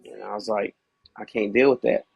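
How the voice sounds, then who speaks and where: Man guest, low, gravelly; candid casual storytelling, dry recording. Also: steady tone, moderate pace, dry recording, lo-fi sound. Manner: casual, fillers like "you know what I mean". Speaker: podcast guest.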